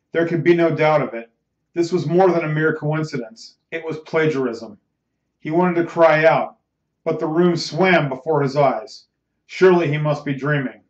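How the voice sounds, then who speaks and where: Guy reading a bedtime novel aloud, measured and dramatic, muffled roomy sound. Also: on the high side. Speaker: audiobook reader, host. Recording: roomy, slightly muffled recording.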